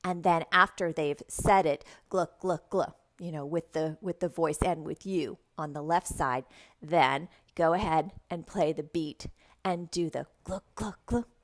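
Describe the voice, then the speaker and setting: A woman who teaches English online, explaining how to present lesson slides and modeling words slowly and clearly for young learners. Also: sits low. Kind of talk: instructional talk with classroom demonstrations.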